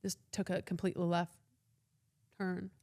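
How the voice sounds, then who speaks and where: A woman guest on a stream, chatting casually and reacting with quick quips. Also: on the low side, level tone, vocal fry, a little mellow, no room sound, studio quality. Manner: reactive, laughs and chimes in with quips. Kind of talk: casual chat.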